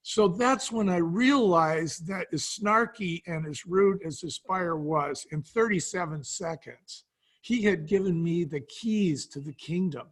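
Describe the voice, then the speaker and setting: A man's voice: high-pitched, a little slow. A man telling a business anecdote as a guest, animatedly acting out the people he quotes. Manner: storyteller who acts out quoted dialogue with frequent "he says". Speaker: guest, wine brand cofounder.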